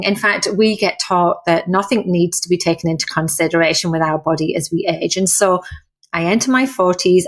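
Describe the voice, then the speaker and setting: A woman, a guest in a casual interview, talking in a chatty, candid and self-deprecating way with frank slang. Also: lowish voice. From England. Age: 50s. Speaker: guest, personal trainer and author.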